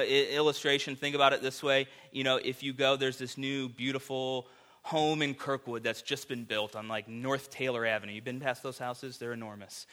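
A man preaching a sermon to his congregation in a conversational, animated way, with casual fillers. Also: medium pitch. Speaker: pastor.

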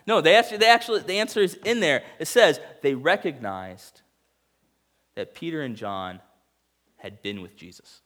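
Animated male preacher telling stories. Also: fairly quick. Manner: animated storytelling, acts out quotes with big pitch jumps. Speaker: pastor. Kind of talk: sermon.

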